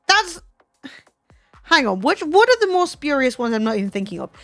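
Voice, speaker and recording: A British woman with a high voice chats on a stream, teasing and disbelieving, with casual swearing. Her voice sits dry and close to the mic, with faint music playing underneath. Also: big pitch swings, moderate pace, fairly bright tone, no echo. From Britain. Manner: teasing, incredulous, swears freely. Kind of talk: casual chat with a guest.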